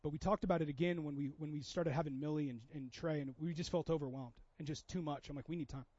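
A man's voice: a little high, fairly even intonation, quick pace, darkish tone, no room sound, highs cut off. A man in his thirties preaching a conversational sermon, acting out quoted voices as he goes. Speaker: pastor.

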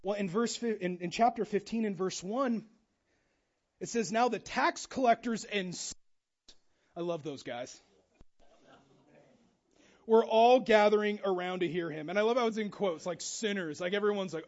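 A male pastor preaching with a very high voice and lively, casual energy. He jumps between conversational asides and acted-out quotes, swinging his tone up and down. The recording sounds dull and lo-fi. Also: moderate pace, long pauses. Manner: animated, acts out quotes with shifting voice. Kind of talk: sermon.

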